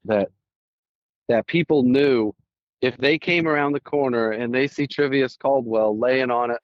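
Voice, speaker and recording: A male podcast host telling stories in a relaxed back-and-forth, slipping into quoted voices as he goes. His voice sits at a middle pitch and sounds dull and lo-fi, recorded dry with no room echo. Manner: storytelling, acts out quoted dialogue. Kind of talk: casual conversation.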